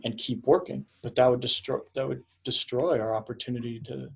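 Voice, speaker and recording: Husky-voiced man, calm coach explaining. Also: medium pitch, brisk, few pauses. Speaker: intimacy coach guest. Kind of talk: conversational storytelling.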